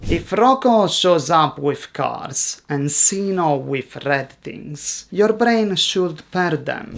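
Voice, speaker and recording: A man teaching Italian, reading out quiz questions and answer options in a slow, deliberate scripted narration. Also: fairly high pitch, vocal fry, fairly bright tone.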